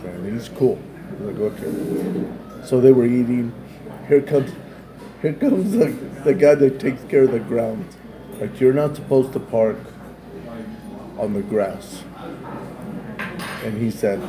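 A man casually retelling a story in a loose, rambling way, peppered with "man" and "like". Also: medium pitch. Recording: busy crowd chatter behind.

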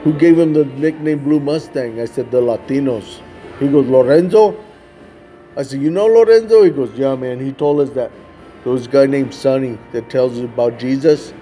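A man with a mellow, warm voice gives his testimony as a street evangelist. He talks casually, with lots of "like" and "man," and acts out the people in his story. Faint music plays underneath. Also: mid-range voice, fairly even intonation, moderate pace.

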